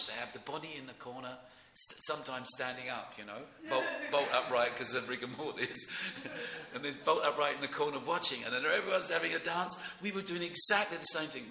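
A middle-aged man giving an informal devotional class in a temple room, rambling and excitable, often breaking into chuckles. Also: medium pitch, gravelly. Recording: echoey room with faint noise.

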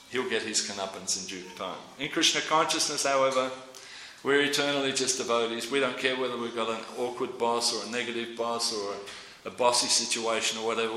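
A man's voice: medium pitch, bright, forceful tone, echoey room, a little hiss or hum, rough recording. A man giving a devotional talk, rambling and anecdotal, often repeating his words. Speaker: devotional speaker.

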